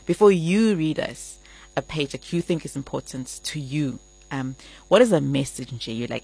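An interview host, asking casual questions in quick bursts and giving encouraging murmurs. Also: medium pitch, gravelly, darkish tone, breathy edge, no room sound, rough recording. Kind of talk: casual interview questions mixing in Zulu words.

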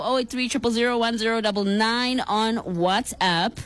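A woman's voice: medium pitch, moderate pace, few pauses, faint music behind. A woman in her thirties with a South African accent, hosting a call-in radio show and chatting playfully with her listeners. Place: radio studio. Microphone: studio microphone.

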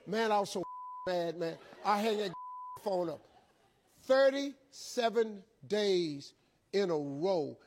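Man, motivational storyteller, high voice, husky, colloquial, animated.

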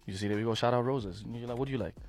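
A man's voice: medium pitch, very fast, a little mellow, soft background music. A man as a studio guest on a radio show, joking in a laid-back way.

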